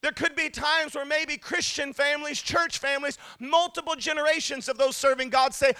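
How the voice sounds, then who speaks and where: A man, building from quiet storytelling to impassioned, shouted peaks. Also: very high voice, fairly quick, no echo. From United States. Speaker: preacher. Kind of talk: sermon.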